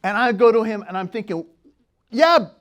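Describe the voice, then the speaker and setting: Man telling a story, slightly high voice, swings from hushed to excited. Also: fast. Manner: quiet and hushed in places, then loud and excited, acting out shouts. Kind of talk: personal storytelling.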